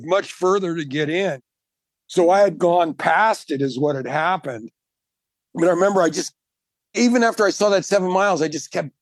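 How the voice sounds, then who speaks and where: A man, a marathon swimmer and guest, telling his story in casual chat, animated and emphatic, laughing often. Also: sits high, dry recording.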